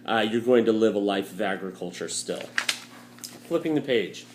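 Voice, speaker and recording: A man's voice: fairly low pitch, expressive, normal speed, noisy background. A man teaching a history lesson in a casual, joking way, with frequent fillers, recorded at home. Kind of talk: recorded lecture walkthrough. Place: home room with a dryer running. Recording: roomy echo.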